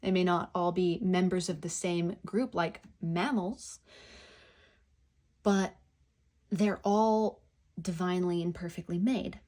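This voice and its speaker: A woman giving a pick-a-card tarot reading, talking in a gentle, effusive, spiritual way. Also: lowish voice, steady tone, slow pace, pauses often.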